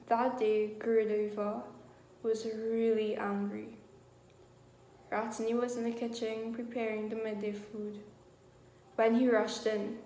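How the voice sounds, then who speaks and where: A woman narrating a short story aloud in a measured, grave manner. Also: on the high side, flat delivery, dark tone, slight background noise. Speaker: reader. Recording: echoey room with faint ambience.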